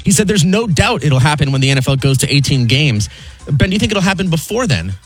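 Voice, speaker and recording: A man's voice: a little high, sing-song, fast talker, slightly rough, faint music behind. A male co-host reads sports news items and puts questions to the host, chuckling between them. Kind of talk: reading headlines and posing questions.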